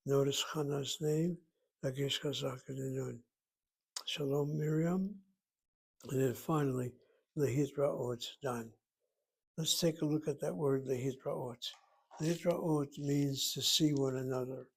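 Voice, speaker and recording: A man teaching a Hebrew lesson, explaining slowly and carefully and sounding out words. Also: mid-range voice, fairly even intonation, creaky, husky. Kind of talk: slow classroom lesson.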